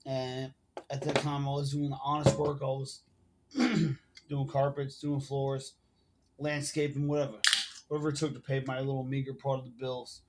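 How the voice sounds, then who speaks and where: A man in his forties talks straight into his phone, spinning a long, meandering story. His speech is loose street slang, salted with swearing and filler. His voice sits at an ordinary middle pitch. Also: fairly even intonation, normal speed, noisy background. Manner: rambling, profane street slang. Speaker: vlogger. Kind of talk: casual storytelling to camera. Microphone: phone camera.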